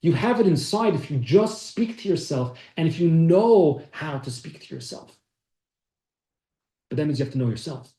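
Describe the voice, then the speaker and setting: A man's voice: fairly high pitch, animated, brisk, hardly any pauses, dark tone. Man teaching a class in an echoey room. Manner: storytelling, acts out quoted speech. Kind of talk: telling a story in a class.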